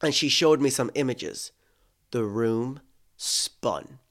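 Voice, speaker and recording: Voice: mid-range voice, takes it slowly. Someone reading a first-person true story aloud, with sarcastic asides and swearing between passages. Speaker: story reader.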